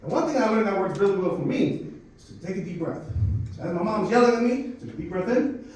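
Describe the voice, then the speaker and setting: A man of Dominican heritage doing a stand-up set, telling an animated, profane story and working the crowd. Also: high-pitched, fast, a little hiss or hum. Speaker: stand-up comedian. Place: comedy club stage. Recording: echoey club from a distance.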